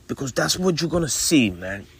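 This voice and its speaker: A man's voice: on the high side, big pitch swings, moderate pace, vocal fry, husky. Rambling casual podcast guy. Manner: loose and rambling, ends phrases with "man"; preachy motivational talk. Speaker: podcast co-host.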